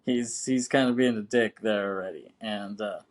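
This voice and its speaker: A man's voice: fairly low pitch, moderate pace. A man co-hosting a podcast in casual chat, talking loosely and profanely, laughing often and acting out quoted lines. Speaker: podcast co-host.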